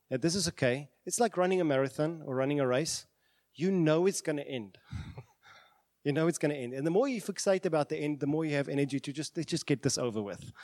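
A man's voice: a little high, darkish tone, no room sound. A man preaching a sermon with passion, voicing prayers aloud. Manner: impassioned, acts out prayers aloud. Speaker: pastor.

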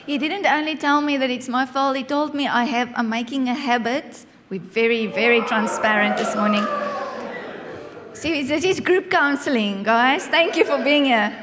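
A woman with a high voice shares a funny story about her marriage, expressive and quick to laugh. She speaks to a listening audience. Her voice rings with the long reverb of a large hall. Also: slight background noise. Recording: echoey hall.

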